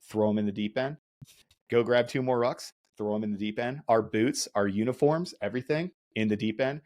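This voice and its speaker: A man hosting a podcast, casually telling animated stories, acting out voices and laughing often. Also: lowish voice, brisk. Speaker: podcast host. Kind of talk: casual storytelling chat.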